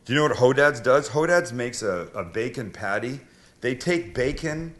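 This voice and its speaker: A man's voice: medium pitch, animated, moderate pace, a bit bright. A middle-aged man hosting a cooking show, chatting casually and joking at himself while he cooks in a kitchen. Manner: chatty, self-deprecating, joking.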